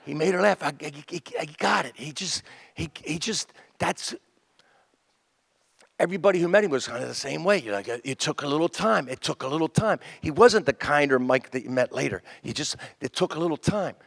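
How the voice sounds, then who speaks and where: A man in his fifties, a stand-up comedian, spins loose, rambling stories onstage and acts out every character. His voice sits a little high and has a gravelly fry. He talks into a handheld mic. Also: expressive, fairly quick, fairly bright tone. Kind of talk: stand-up storytelling at a memorial tribute. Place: stage in front of a live audience.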